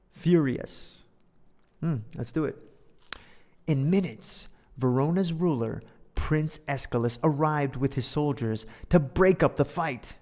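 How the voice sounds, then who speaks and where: Man, English teacher, storybook lesson, playful asides, gravelly voice, long hall reverb. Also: medium pitch, darkish tone.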